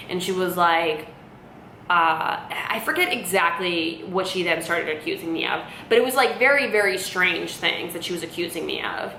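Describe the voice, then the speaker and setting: A woman's voice: on the low side, normal speed, a little hiss or hum. A woman in her late twenties telling a personal story to camera in a rambling, casual way, full of "like" fillers. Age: late 20s. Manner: rambling, many "like" fillers, animated retelling. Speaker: vlogger. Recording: roomy, echoey room.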